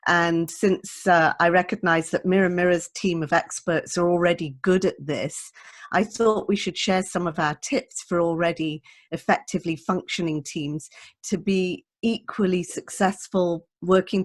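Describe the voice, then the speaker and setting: A woman's voice: fairly low pitch, steady tone, moderate pace. A British woman, a management consultant, speaking as a webinar panelist over a video call. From Britain.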